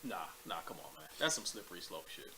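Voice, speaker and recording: A man's voice: low voice, big pitch swings, quick pace, sharp tone, a little hiss or hum. A man co-hosting a live call-in chat in slang, questioning things and repeating his points.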